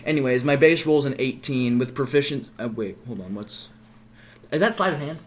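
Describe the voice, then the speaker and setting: A man's voice: mid-range voice, fairly quick, slight background noise. A man playing a tabletop game, talking offhandedly and muttering asides while he rolls. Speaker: player. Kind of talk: casual tabletop game chat.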